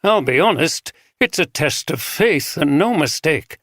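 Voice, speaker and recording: Northern bishop, man, frank and earnest, lifted pitch, dry voice, put on by a man. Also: animated, unhurried, a bit bright, dry recording. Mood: grave. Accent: Northern English. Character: portly straight-talking northern male bishop.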